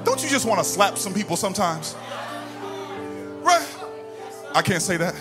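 A man preaches in a church sanctuary, his voice pitched high and bright for a male speaker. He talks back and forth with the congregation, then swells into sung, whooping phrases. Organ music plays steadily beneath him. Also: very animated, normal speed. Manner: call-and-response preaching, rising into sung whoops. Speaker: pastor. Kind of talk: sermon. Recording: music playing under the voice.

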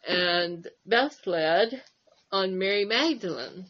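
An older woman co-hosting a casual chat, reminiscing in a rambling, halting way with many fillers. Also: mid-range voice, expressive, highs cut off. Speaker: co-host.

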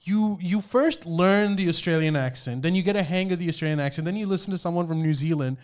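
A young man in a casual chat with friends, joking in a deadpan way. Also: high-pitched, fast talker.

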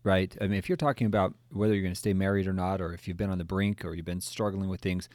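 A man's voice: deep voice, fairly even intonation, quick pace, a little mellow, no echo. A middle-aged male clinician co-hosting a podcast, explaining earnestly and asking rhetorical questions. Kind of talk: conversational discussion.

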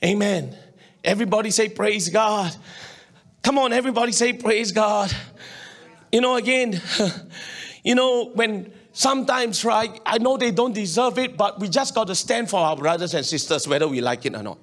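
A pastor with a Singaporean English accent preaches a sermon in an animated, colloquial style, urging the congregation to answer back. His voice sits high and his delivery runs a little fast.

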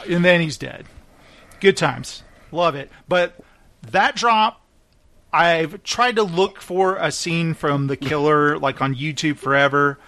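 Animated, laughing podcast host, a man. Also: on the high side, slow, no room sound. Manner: animated storyteller who acts out movie lines and laughs often. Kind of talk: casual chat.

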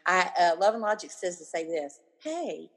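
With a fairly low pitch and a slightly fast pace, this woman in her fifties talks animatedly as a guest in a casual interview. When quoting people, she performs their lines.

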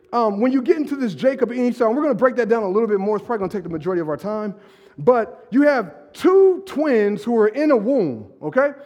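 High-voiced animated preacher, hall echo. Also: male voice. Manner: animated, conversational preaching with sudden loud emphasis. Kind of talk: sermon. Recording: long hall reverb.

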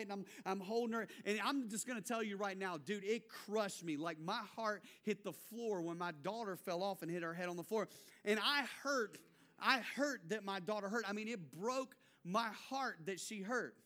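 Bright, high-voiced young male preacher. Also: brisk. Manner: animated storytelling, acts out quotes. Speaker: pastor. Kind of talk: sermon.

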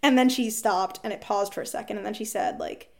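A woman telling a frank, animated story about fights with her partner, quoting both sides, swearing and laughing ruefully. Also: medium pitch, brisk. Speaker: guest seeking advice. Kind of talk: candid emotional storytelling.

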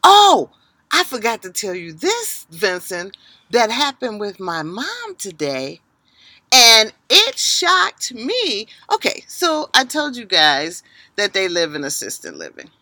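A middle-aged woman chats on a podcast, animated and quick to swing from loud to hushed. Her voice is bright and ranges widely in pitch. The sound is dry, with no room around it. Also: dry recording. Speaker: podcast co-host. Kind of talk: casual podcast chat.

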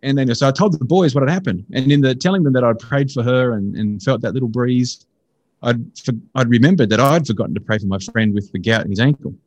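An Australian man telling a personal faith story in a casual, earnest and excitable way. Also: quick pace, no echo, dull audio. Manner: earnest, excitable, jumps into high voices for quotes.

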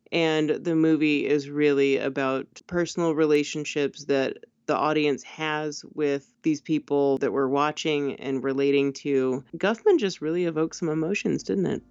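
A podcast co-host telling stories in animated, chatty casual conversation. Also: mid-range voice, smooth, no echo. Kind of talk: casual chat. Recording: dull, lo-fi audio.

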